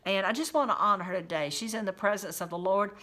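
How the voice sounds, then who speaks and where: A fast-talking home caregiver with a mid-range, pushed and bright voice shares her memories as casual faith-based stories. Chatty and folksy, she quotes scripture and speaks straight to those listening.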